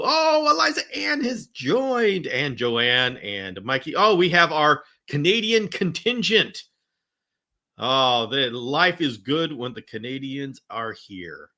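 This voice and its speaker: Chatty high-voiced man hosting a livestream. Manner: chatty, greets viewers by name with bursts of excitement. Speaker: host of a live chameleon Q&A. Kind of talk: casual live-stream chat.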